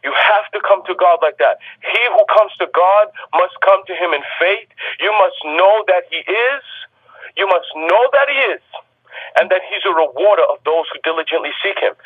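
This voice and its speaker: Husky high-voiced man preaching over a phone line. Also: lively intonation, moderate pace, dry recording. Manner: insistent and repetitive, rising to shouts. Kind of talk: fervent sermon. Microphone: telephone.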